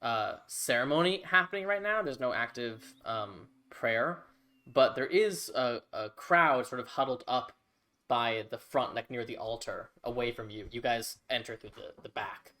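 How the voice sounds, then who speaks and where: A man's voice: mid-range voice, unhurried, bright, forceful tone. A man narrating a tabletop game as game master, casual and rambling.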